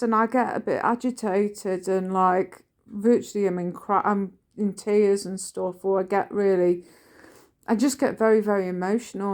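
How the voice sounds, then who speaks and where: An unhurried woman in her forties speaks casually. She stops and restarts often and fills the gaps with ums. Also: mid-range voice, a little mellow. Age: 40s. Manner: halting, with many ums and restarts. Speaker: vlogger sharing her journal. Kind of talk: casual personal vlog talk.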